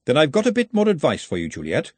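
A man doing a brisk, bossy woman cook. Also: a little high, wildly swooping pitch, no echo, voice pushed up. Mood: firm. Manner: snappish, bossy, motherly.

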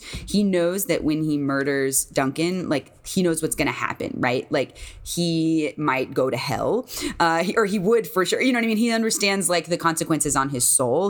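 A woman co-hosting a podcast, talking casually and chattily with lots of fillers. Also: deep voice. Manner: chatty, many filler likes and ums. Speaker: podcast co-host. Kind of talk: casual discussion.

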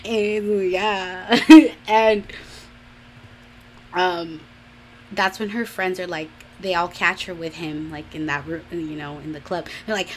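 A young woman from a Mexican-American home casually recaps a drama episode, gossipy and full of fillers and acted-out quotes. Her mid-range voice keeps fairly even intonation at a measured pace.

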